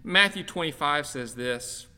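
A pastor preaches to his congregation, and his bright, forward voice carries through the church. His delivery is earnest and conversational, like someone telling a personal story. Long reverb from the worship hall trails behind each phrase. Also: fairly high pitch, lively intonation, a little slow, clean tone. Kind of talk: sermon.

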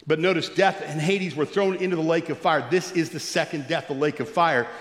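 A man's voice: steady tone, a little fast. Preaching man in an echoey hall. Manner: expository preaching, rising in pitch when stirred. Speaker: pastor. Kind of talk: sermon. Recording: echoey hall with long reverb.

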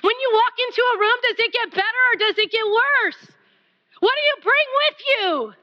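A woman's voice: extremely high pitch, expressive, moderate pace. Lady preaching, passionate, drops to whispers, kinda muffled recording. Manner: passionate, pleading, varies from loud to near whisper. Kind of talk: sermon.

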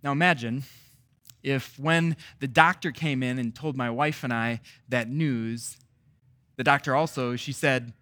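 A man preaching a sermon as pastor, asking repeated rhetorical questions and swinging between loud, emphatic stretches and soft, quiet ones. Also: mid-range voice, a little slow, no echo.

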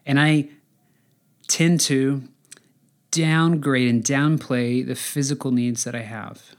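Guy preaching a sermon, earnest and chatty, pauses and restarts a lot, pretty average pitch. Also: fairly even intonation. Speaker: pastor.

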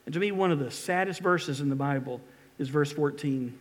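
High-voiced preaching pastor. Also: male voice, fairly quick. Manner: dramatic, reads scripture aloud with emphatic pleas. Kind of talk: sermon.

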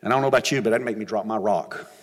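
A man's voice: fairly low pitch, racing, breathy edge. Preacher man in a reverberant church. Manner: storytelling preacher, emphatic and conversational. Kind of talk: sermon. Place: church sanctuary. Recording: long reverb of a church hall.

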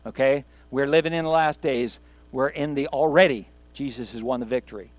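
A man's voice: mid-range voice, a little fast, no echo. A man preaching a sermon as pastor to his congregation. He talks in a conversational way, repeats phrases for emphasis and asks the room questions. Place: church sanctuary with congregation.

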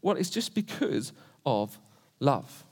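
A man's voice: mid-range voice, big pitch swings, slow, vocal fry, darkish tone. A man in his twenties preaching a sermon, earnest, asking rhetorical questions again and again. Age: 20s.

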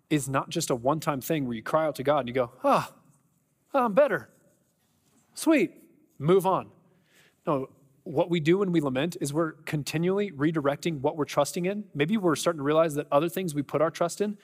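A man's voice: fairly high pitch, in a large hall. A man preaching a sermon in a conversational, earnest way, with an American accent and frequent fillers and restarts. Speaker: pastor.

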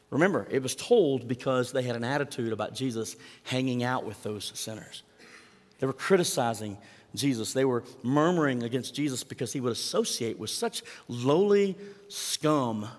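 A pastor with a medium-pitched voice preaches conversationally, asking his congregation rhetorical questions, and the sound carries the reverb of a big room.

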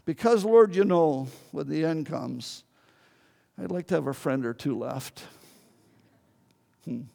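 An older pastor preaching a sermon in a fairly high voice, telling his story earnestly and pleading with his listeners. His voice rings out with a long reverb, as in a large hall. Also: slow pace, creaky, darkish tone.

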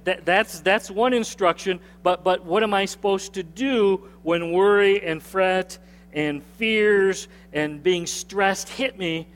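High-voiced male pastor in echoing sanctuary. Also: takes it slowly, a bit bright. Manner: conversational, repeats phrases, asks the congregation to respond. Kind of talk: sermon. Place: church sanctuary with a screen. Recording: long hall reverb from a sanctuary.

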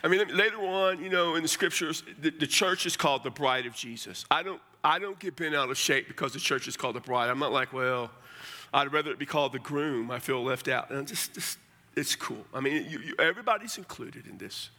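Folksy pastor preaching in a hall. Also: male voice, on the high side, lively intonation, fairly quick, pushed and bright. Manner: conversational, folksy, blunt asides. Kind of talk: sermon. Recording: long hall reverb.

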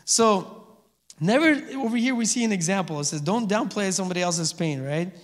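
A man's voice: high-pitched, animated, moderate pace. A pastor giving a conversational sermon, often checking in with his listeners by asking "amen?" and "okay?". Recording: reverberant hall.

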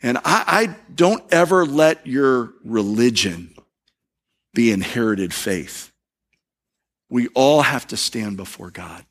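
A middle-aged male pastor preaching a sermon in a conversational storytelling way, dropping soft and low for emphasis. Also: expressive, slow.

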